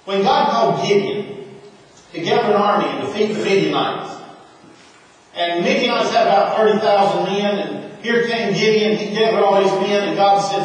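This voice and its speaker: A man preaching a sermon as pastor, expressive and emphatic. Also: sits high, moderate pace. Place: church sanctuary. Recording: echoey church hall, from a distance.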